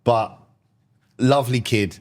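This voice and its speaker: A man's voice: medium pitch, slow, darkish tone. A man, chatting on a podcast with laid-back banter. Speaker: podcast co-host. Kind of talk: casual chat.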